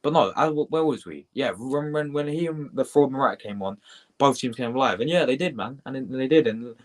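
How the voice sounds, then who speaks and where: Excitable British man streaming football reactions. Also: medium pitch, fairly quick. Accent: British English. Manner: excitable, chatty, swears, shouts out viewers. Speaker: football livestream host. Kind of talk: live match reaction stream.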